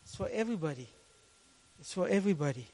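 A man preaching a sermon to a congregation as a youth pastor, telling the story in a lively way and repeating key phrases for emphasis. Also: a little high, fast.

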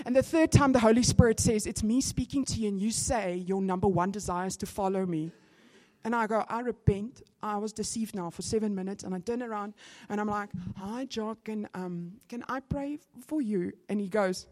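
A woman with a South African accent tells a testimony in a sermon, bursting into lively acted-out dialogue. Her voice sits at a middling pitch and swings with feeling as she preaches. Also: normal speed. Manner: animated storytelling, acting out conversations. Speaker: church speaker.

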